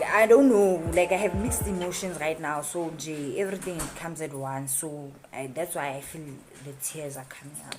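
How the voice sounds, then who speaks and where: A young South African woman with a South African accent, telling a story in a chatty way full of slang and fillers. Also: sits low. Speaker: YouTuber. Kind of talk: casual storytime. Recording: music playing behind.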